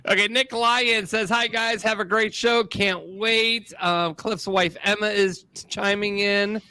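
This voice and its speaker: A man co-hosts a live stream in a casual, upbeat way, reading viewers' names off the chat. His voice is high and bright, and it sounds dry and close to the mic. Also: fairly even intonation, measured pace, clean tone, no echo. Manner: upbeat, reads names off a list.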